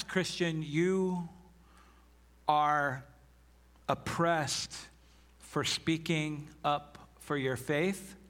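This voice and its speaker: A man's voice: a little high, fairly bright tone. A man preaching a sermon as pastor, earnest and emphatic, reading scripture aloud.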